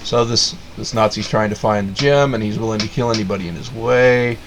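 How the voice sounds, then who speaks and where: A man giving a blunt, casual review of a miniseries, halting with many fillers and restarts. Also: lowish voice, fairly even intonation, background noise. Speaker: show host reviewing a miniseries.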